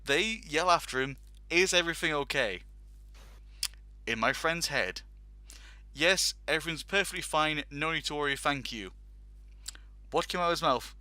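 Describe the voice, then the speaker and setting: A man's voice: on the high side, lively intonation, normal speed, bright, forceful tone, no echo. A man hosting a casual talk show, telling a long funny anecdote with laughs and acted-out quotes. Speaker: podcast host telling a story. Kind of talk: casual storytelling.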